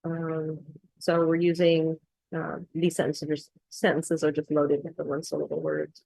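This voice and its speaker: A woman's voice: deep voice, completely flat delivery, measured pace, gravelly, warm tone, slightly rough, dry recording, low-quality recording. A woman accent coach walking through her course materials, explaining steadily with frequent ums. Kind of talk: screen-share tutorial walkthrough.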